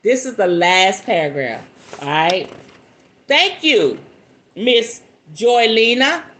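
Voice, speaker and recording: A podcast host with a mid-range voice reads a book slowly, with a little hiss or hum on the recording. She's animated and playful, slipping casual comments between the passages she reads.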